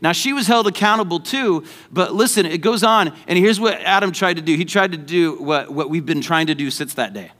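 A man's voice: on the high side, fairly quick, few pauses, fairly bright tone. A man preaching a sermon as pastor, conversational and joking, then rising to emphatic points.

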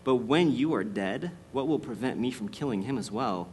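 A man voicing a cruel, triumphant witch queen from a storybook, speaking in a hushed, low menace. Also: animated, moderate pace, a little hiss or hum, natural voice. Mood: gloating.

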